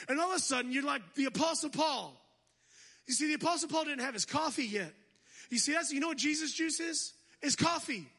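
A man's voice: extremely high pitch, a little fast, vocal fry, bright, forceful tone. A man preaching as a guest speaker at a church service, exhorting the congregation, calling for responses and adding humorous asides. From United States. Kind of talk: energetic sermon.

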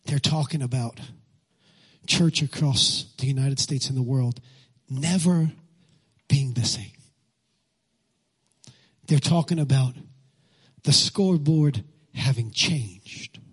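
A man's voice: mid-range voice, takes it slowly, pauses often. A male pastor preaching with passion, leading the congregation in call-and-response and then praying. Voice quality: husky. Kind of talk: sermon and prayer. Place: church sanctuary.

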